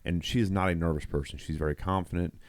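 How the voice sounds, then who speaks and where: A man's voice: sits low, steady tone, fast, no room sound. A middle-aged man, a nurse who co-hosts a podcast, telling a long story in casual chat, rambling with restarts and quoted dialogue. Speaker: podcast co-host.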